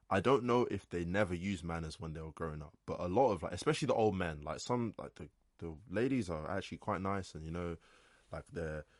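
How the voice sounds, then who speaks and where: Young man, lowish voice, dry close sound, casual sweary podcast storyteller. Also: no room sound. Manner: animated ranting, frequent swearing and "like". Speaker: podcast host.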